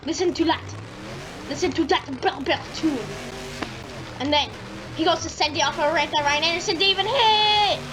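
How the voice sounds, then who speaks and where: High-voiced woman hyping a comedic narration. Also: moderate pace, over music. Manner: rambling, hyped, slangy. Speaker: game video narrator. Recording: noisy with engine sounds.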